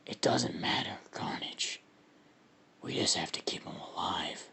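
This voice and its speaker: A man voicing a gruff, protective male alien symbiote in a low, gravelly whisper, as whispered role-play. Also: unhurried, pushed and bright, full character voice. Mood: stern.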